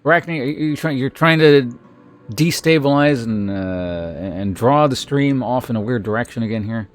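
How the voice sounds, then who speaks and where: A man's voice: medium pitch, expressive, moderate pace, soft background music. A man streaming, chatting casually with his viewers in a rambling way, with many restarts and filler words. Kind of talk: casual chat with live viewers.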